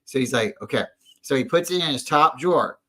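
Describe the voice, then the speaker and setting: Bright-voiced man telling rambling stories. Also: medium pitch, expressive, fairly quick, a little hiss or hum, poor audio. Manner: rambling storyteller, many restarts. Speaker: podcast co-host. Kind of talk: casual fan chat.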